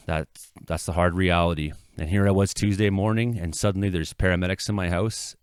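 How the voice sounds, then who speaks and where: A middle-aged man from Canada, a local weather vlogger, giving an earnest, halting apology that swells into impassioned outbursts. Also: sits low, fairly even intonation, clear, resonant tone, no echo, studio quality. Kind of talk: emotional apology monologue. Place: his home.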